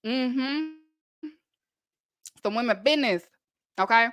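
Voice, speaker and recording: A woman's voice: on the high side, moderate pace, fairly bright tone. A woman from Texas with a Texan accent, hosting a casual wrestling recap podcast and chatting emphatically to listeners.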